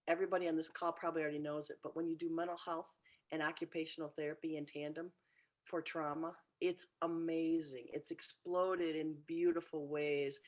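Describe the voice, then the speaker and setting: A woman, the founding director of a therapy program, chatting in a relaxed, self-deprecating way on a video call. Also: deep voice, rough recording. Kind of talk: casual talk on a video call.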